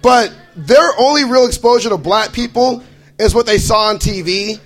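Animated high-voiced male stand-up comic. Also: normal speed, faint music behind, poor audio. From Boise, Idaho. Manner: animated, jumps into exaggerated character voices. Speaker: stand-up comedian. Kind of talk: stand-up comedy set.

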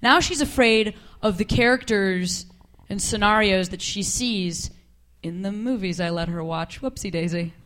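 A young woman doing a stand-up comedy set on a club stage, wry and deadpan with quick asides. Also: mid-range voice, a little hiss or hum. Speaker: stand-up comic.

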